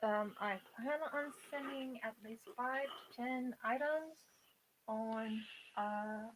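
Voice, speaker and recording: A woman's voice: fairly high pitch, slow, slight background noise, rough recording. A woman hosting a craft livestream, chiming in with short, prompting remarks in casual chat.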